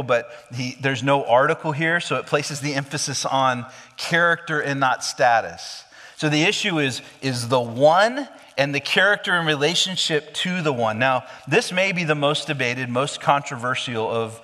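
A man's voice: medium pitch, a bit bright. A man preaching a sermon, explaining scripture with emphatic, questioning delivery. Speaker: pastor. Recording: long hall reverb.

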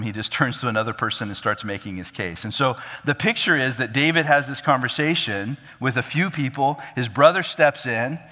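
A man preaching a sermon, animated, acting out the characters' lines with big jumps in pitch. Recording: long hall reverb.

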